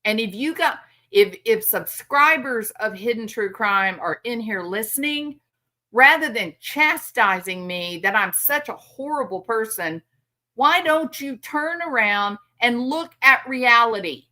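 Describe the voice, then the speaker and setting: A woman hosts a commentary stream, her voice fairly high and bright, with lively intonation, a measured pace, and a forceful edge. Her indignant monologue is outraged and sarcastic, aimed straight at the person she's criticizing.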